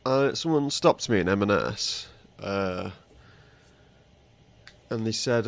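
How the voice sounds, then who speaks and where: A man's voice: on the low side, normal speed, vocal fry, pauses often. A man, co-hosting a podcast and chipping in with playful asides. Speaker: podcast co-host. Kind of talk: casual chat.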